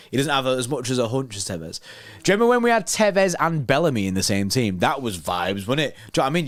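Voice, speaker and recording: A man's voice: medium pitch, no echo. Young guy on a stream, reading chat and joking around, dry close mic. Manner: chatty and joking, reads out chat messages, laughs at himself. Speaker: watchalong host reading live chat. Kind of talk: casual livestream chat.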